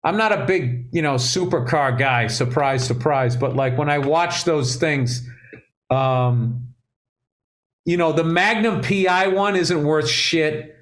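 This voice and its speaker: A man co-hosting a casual comedy podcast, profane and rambling, with sudden excited bursts. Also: fairly high pitch, slow pace. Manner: profane, ranting, rambling asides; loose and jokey, with bursts of excited speech. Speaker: comedian co-host.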